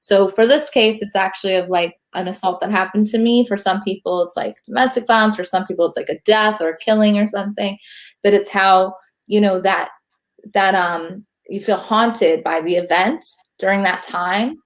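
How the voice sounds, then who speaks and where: A woman's voice: mid-range voice, fairly even intonation, normal speed. A woman poet and professor chatting casually as a guest in an interview, using slang and lots of fillers.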